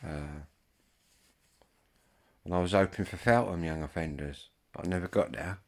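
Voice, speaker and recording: A man's voice: deep voice, normal speed. A man, chatting casually to viewers in a rambling way, full of ums and swearing. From Kent, England. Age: 50s. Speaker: vlogger.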